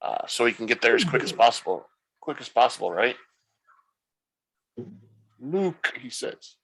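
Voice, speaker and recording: A man with a bright, forward voice retells a show's plot in casual podcast chat. He wanders through the story and thinks aloud as he talks. His pitch sits in an ordinary middle range. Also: brisk, creaky, slightly rough, rough recording. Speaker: podcast host. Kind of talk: casual episode recap.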